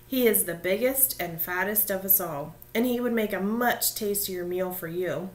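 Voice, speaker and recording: A woman voicing a middle-sized male billy goat with a bright, eager voice in a storybook reading. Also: medium pitch, moderate pace, roomy sound, lightly acted.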